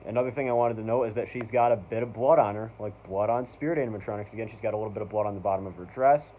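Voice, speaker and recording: Rambling enthusiastic man, low voice. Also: racing, a little hiss or hum. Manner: rambling, full of "like", "um" and "basically"; enthusiastic fan. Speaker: channel host. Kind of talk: casual review vlog. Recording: dull lo-fi recording.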